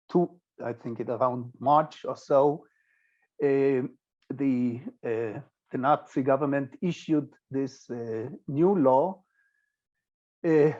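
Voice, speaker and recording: An older man with an Israeli accent giving a physics lecture, pausing often with fillers and restarts. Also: medium pitch, darkish tone, lo-fi sound. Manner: hesitant, many filler sounds and restarts. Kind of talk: recorded lecture with slides.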